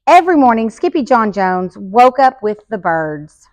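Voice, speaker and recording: A woman school librarian reading a children's picture book aloud in a lively, expressive way. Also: fairly high pitch, a little slow.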